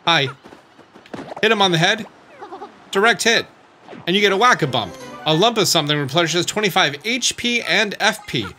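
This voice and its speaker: A man's voice: sits high, expressive, normal speed, long pauses, sharp tone, faint music behind. A man hosting a let's play, explaining the game in a casual, chatty way. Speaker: gaming channel host.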